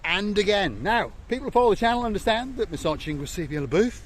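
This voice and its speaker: Jokey English man with a lively voice. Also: high-pitched, fast, slight background noise. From England. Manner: jokey, rambling, lively tour-guide patter. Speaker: vlogger host. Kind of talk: playful travel vlog chat. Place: outdoors by a seaside resort.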